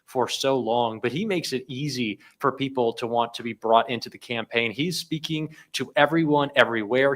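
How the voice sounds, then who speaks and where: A man in his twenties talks politics as a guest. He speaks quickly and eagerly, and often stumbles into repeated words. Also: mid-range voice. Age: 20s. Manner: fast, enthusiastic, repeats words. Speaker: guest, YouTube show host. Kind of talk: casual political commentary.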